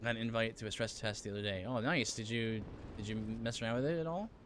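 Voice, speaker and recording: A man's voice: on the low side, fast. Chatty male game streamer, noisy background. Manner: chatty, reads and answers viewer chat, frequent fillers. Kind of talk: casual live-stream chat while playing.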